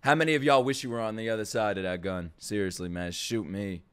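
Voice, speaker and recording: A young man giving a profane, jokey reaction to an anime opening, swinging between low murmurs and excited shouts. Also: quick pace, clean tone. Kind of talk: live reaction commentary.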